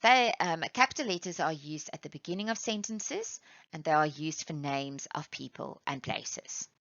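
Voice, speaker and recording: A woman teacher from South Africa giving a lesson, patiently explaining step by step and reading examples aloud slowly. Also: deep voice, animated, a bit bright, no room sound. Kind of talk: classroom lesson. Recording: dull, lo-fi sound.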